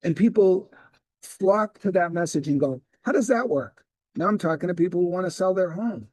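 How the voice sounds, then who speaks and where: This clip features a middle-aged man with a high voice, talking a little fast as he delivers a sales training session on real estate. He's an animated storyteller who plays out each line of dialogue, and there's no room sound.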